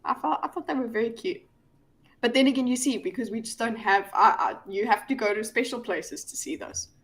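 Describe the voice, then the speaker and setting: A woman's voice: a little high, fairly quick. A woman from South Africa with a South African accent, chatting casually and cooing over cute things. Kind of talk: casual chat.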